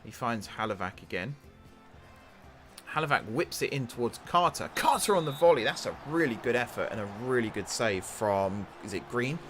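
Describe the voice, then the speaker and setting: Gaming host, male, lively up-and-down delivery, talks at the screen like a fan in the stands. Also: mid-range voice, normal speed, soft background music. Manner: excitable, talks to the game's players. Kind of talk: casual game commentary.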